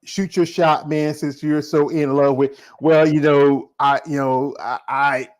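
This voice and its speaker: A man hosts a podcast in casual conversation. His voice sits a little high, and his speech is halting and joking, with words often repeated. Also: steady tone, low-quality recording. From Southern United States. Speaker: podcast host. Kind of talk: casual chat.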